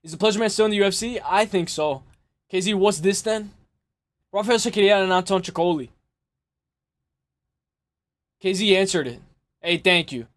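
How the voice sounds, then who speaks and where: A man hosting a live stream, chatting casually and excitably with his viewers and laughing often. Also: high voice, brisk. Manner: excitable, laughs often, talks straight to chat. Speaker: livestream host.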